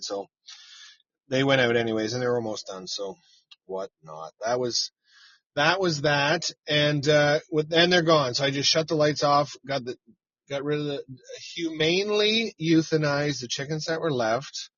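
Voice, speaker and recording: Rambling, profane farmer in truck. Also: male voice, a little high, moderate pace, a bit bright, dry recording, muffled recording. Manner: rambling and profane, chatting to viewers by name. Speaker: chicken farmer and live-stream host. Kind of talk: casual live-stream chat. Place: parked pickup truck.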